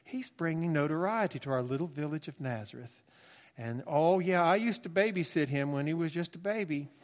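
A man voicing gossiping older village women, nosy and scornful, in a high, mocking, stammering voice. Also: a little fast, long reverb tail, natural voice. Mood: fond.

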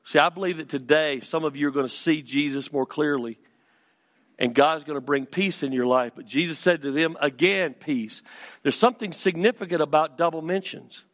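A man preaching a sermon as pastor in a church, moving from storytelling to fervent, shouted calls to his congregation. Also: a little high, moderate pace, long reverb tail. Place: church sanctuary.

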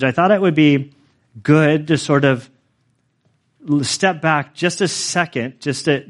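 A male pastor giving a sermon in a relaxed, conversational way, with prayers and a personal story. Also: a little high. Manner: conversational, storytelling with self-corrections.

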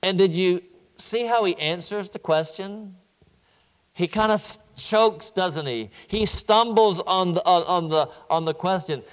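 A man preaching a sermon, slow and earnest, often repeating his words as he explains the text. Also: high-pitched, clean tone, big-room sound.

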